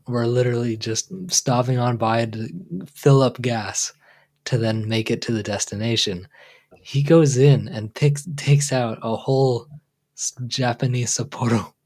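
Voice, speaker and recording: A man's voice: medium pitch, steady tone, a little slow, a little mellow. Laid-back man hosting a chatty livestream. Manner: rambling, stop-start, often trailing off into fillers; laid-back, joking, chuckles often. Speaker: livestream host. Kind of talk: casual chat on a livestream.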